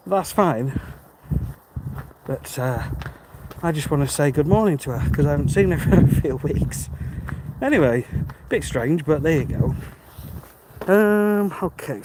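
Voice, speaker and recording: Chatty British man on a walk. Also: on the high side. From Britain. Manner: friendly, chatty, thinking aloud. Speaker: livestream walker reading chat. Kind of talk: casual live-stream chat while walking. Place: outdoors on a dark rural road. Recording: faint outdoor background noise. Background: birds and passing cars.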